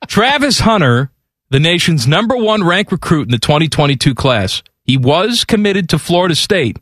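A man's voice: a little high, moderate pace, no room sound, clean studio sound. A man with a Chicago accent co-hosting a podcast, joking in casual sports banter. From Chicago area. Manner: joking, lively, playful voices. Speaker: podcast co-host.

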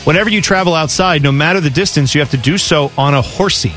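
A man's voice: on the high side, quick pace, music in the background. A man co-hosting a sports radio show, chatting casually and reading out listener questions with frequent laughter.

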